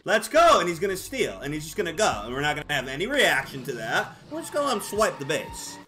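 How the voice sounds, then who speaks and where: A man commentating his own baseball video game, excitable and exasperated, shouting at his players. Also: a little high, fast, faint music behind. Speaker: gaming YouTuber. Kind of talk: live gameplay commentary.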